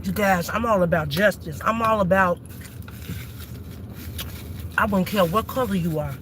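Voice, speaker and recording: A woman's voice: medium pitch, measured pace, a bit bright, slight background noise. A food channel host preaching to her viewers from her car, emphatic and repetitive, calling out the audience as y'all, on a phone mic. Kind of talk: impassioned preaching-style talk to viewers.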